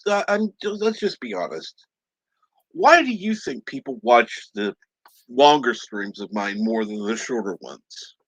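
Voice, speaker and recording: Animated, husky-voiced male host. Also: mid-range voice, a little slow, no room sound, rough recording. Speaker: livestream host. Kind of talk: casual chat.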